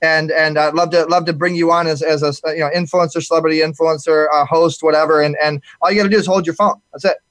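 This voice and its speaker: A man's voice: fairly high pitch, steady tone, fast, few pauses, fairly bright tone, no room sound. A man hosting a live talk show, chatting casually and rambling with many restarts.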